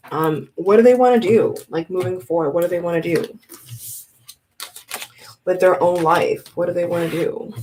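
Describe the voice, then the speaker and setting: A woman's voice: mid-range voice, slight background noise. A woman reading tarot cards in a chatty, casual monologue, often repeating words and restarting her sentences. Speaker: tarot reader.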